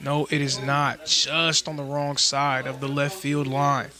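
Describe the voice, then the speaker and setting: A man doing live play-by-play commentary for a college baseball game, with a measured, informative delivery. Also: medium pitch, flat delivery, bright, forceful tone. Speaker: play-by-play announcer.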